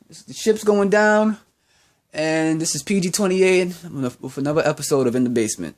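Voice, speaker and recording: A man's voice: sits high, normal speed. A young man ranting in a vlog monologue, profane and heated, repeating himself as he goes. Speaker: vlogger.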